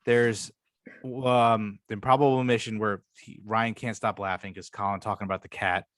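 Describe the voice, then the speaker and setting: On a dry, studio-quality recording, a podcast co-host chats casually about a comedy show he loves, full of profanity, rambling, and excitement. His voice sits on the low side, a bit bright, with a level tone at normal speed.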